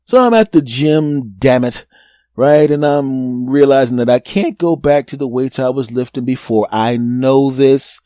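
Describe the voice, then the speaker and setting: Mellow-voiced fifty-something comic storyteller. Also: male voice, mid-range voice, measured pace, no room sound, clean studio sound. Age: 50s. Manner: animated, rambling, self-mocking, repeats words for emphasis. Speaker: podcast host. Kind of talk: comedic storytelling monologue.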